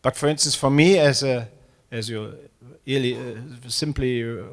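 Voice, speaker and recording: A man's voice: medium pitch, normal speed. A man in his sixties from Germany with a German accent, speaking English at a live public talk as a space agency director, with many fillers and restarts. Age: 60s. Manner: hesitant, many fillers, self-deprecating.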